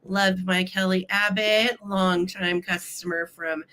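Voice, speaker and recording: A woman's voice: mid-range voice, steady tone, takes it slowly, sharp tone. A woman with a cold hosting a live sale stream, chatting casually and greeting viewers with playful nicknames. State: has a cold.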